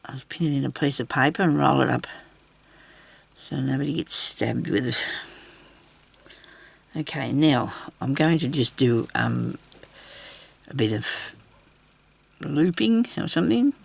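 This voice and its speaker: A woman's voice: rumbling low, expressive, a little slow, vocal fry, pauses often, breathy edge. A woman with an Australian accent giving a casual craft tutorial at her craft table. She rambles and mutters to herself while she works. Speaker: craft video host.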